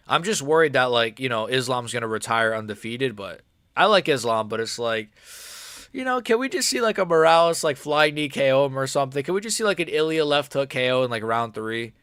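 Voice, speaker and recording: Commentating live on a fight stream, a young man speaks in a medium-pitched voice with a fairly bright, clean tone, recorded in a clean studio with no echo. He rambles in slang, saying "bro" and "like" often, and doesn't hold back on mocking takes.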